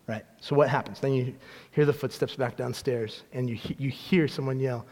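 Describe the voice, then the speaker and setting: A man's voice: medium pitch, steady tone, moderate pace, a little mellow, in a large hall. A man preaching a sermon as a pastor, in a conversational style with family stories and frequent restarts.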